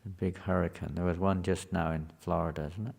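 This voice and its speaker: A man's voice: low-pitched, little pitch movement, brisk, gravelly, darkish tone. A man teaching a scripture class to a live group in a conversational way, often asking the listeners questions.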